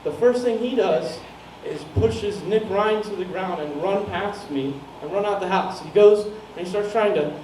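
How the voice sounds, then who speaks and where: A man's voice: high voice, measured pace, few pauses, a little mellow. A young man doing stand-up, telling a rambling, profane story and laughing at his own jokes. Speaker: stand-up comedian. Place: small comedy venue. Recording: echoey room, mic heard from far off, some noise.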